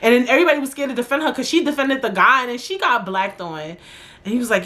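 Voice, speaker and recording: A young woman from New York hosting a podcast, telling a story in an animated, profane, slangy way. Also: fairly high pitch, fast talker. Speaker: podcast host. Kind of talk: casual storytelling monologue.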